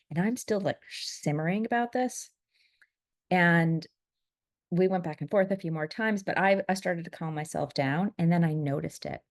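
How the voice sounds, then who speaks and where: A woman's voice: lowish voice, normal speed, no room sound. Candid middle-aged woman, dry close sound. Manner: candid, animated when quoting, laughs at herself. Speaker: vlogger. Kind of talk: reflective personal storytelling.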